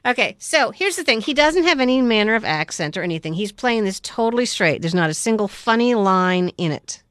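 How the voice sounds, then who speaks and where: A woman casually recapping a movie plot in an animated way, acting out scenes with sound effects and quoted voices. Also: mid-range voice, brisk, smooth, dry recording, studio quality. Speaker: podcast co-host recapping a movie. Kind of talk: casual chat.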